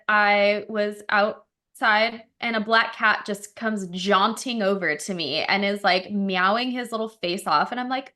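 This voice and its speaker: Bright-voiced woman chatting on a podcast. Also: mid-range voice, a little slow, hardly any pauses. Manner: chatty storytelling with frequent "like" fillers. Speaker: podcast co-host. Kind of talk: casual podcast chat.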